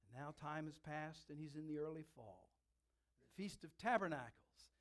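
High-voiced man preaching dramatically. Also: animated, fairly bright tone. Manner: dramatic, emphatic preaching with slowed stresses. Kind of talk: sermon.

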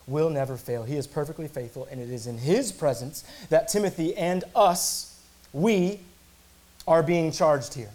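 A man's voice: on the high side, darkish tone. A male pastor preaching an earnest sermon, emphatic, repeating words and slipping in casual asides.

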